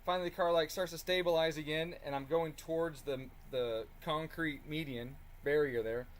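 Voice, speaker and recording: Man, higher-pitched, casual and animated storyteller, swears and chuckles while he works in the garage. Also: moderate pace. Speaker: car tuning channel host.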